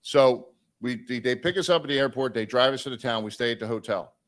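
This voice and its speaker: A man casually telling a long road story on a live stream, animated and swearing, acting out the people he quotes. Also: mid-range voice, fast.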